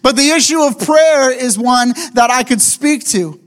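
A man preaching a sermon as a pastor, emphatic and deliberate, slowing down to repeat key phrases. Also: extremely high pitch.

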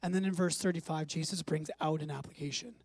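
A pastor preaching a sermon emphatically, swinging between soft passages and loud, urgent ones. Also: medium pitch, fairly even intonation, fast, dry recording.

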